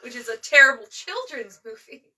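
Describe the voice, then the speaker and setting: Scottish woman quizzing friends, high bright voice, bit far from the mic. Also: expressive, a little fast. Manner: chatty, laughing, quoting lines. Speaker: quiz host. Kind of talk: casual chat.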